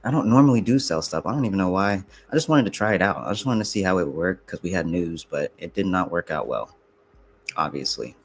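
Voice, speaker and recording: A man's voice: sits low, animated, brisk, vocal fry, slightly rough. A young man trading futures live on stream, talking casually to viewers and swearing, frustrated and muttering to himself. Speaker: livestreaming futures trader.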